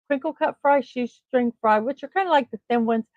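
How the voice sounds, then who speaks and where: A woman's voice: fairly high pitch, fairly quick, few pauses, dry recording. A woman hosting a daily morning livestream in a casual, chatty way, talking herself through each task and a little scattered. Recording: tinny phone-like sound, dry.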